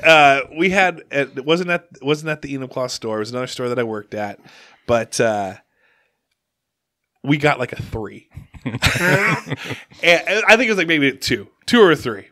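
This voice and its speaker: A man's voice: mid-range voice, moderate pace, long pauses, no echo, studio quality. A middle-aged man co-hosting a podcast, telling stories in casual chat and laughing often. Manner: animated storytelling, laughs often. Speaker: podcast co-host.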